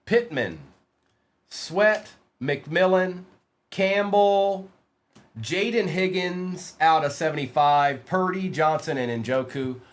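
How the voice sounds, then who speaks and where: A man's voice: a little high, expressive, takes it slowly. Man hosting a live card break. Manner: rattles off player names, teases chat playfully. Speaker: livestream card break host.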